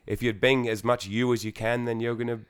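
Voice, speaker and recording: A man's voice: mid-range voice, little pitch movement, a little fast, smooth. A young Australian man, a singer in a band, chatting casually in an interview, rambling with lots of fillers, swearing and laughing.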